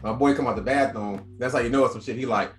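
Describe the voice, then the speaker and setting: A man on a podcast telling wild, profane stories about a friend's messy house in a loose, animated way. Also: medium pitch, quick pace, reverberant, faint music behind. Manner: animated, slangy, profane storyteller. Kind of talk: casual storytelling chat.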